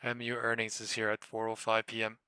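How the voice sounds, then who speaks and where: A man streaming his live day trading, muttering profanely and anxiously to himself, with sudden shouts away from the microphone. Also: lowish voice, completely flat delivery, a little fast, smooth, no echo.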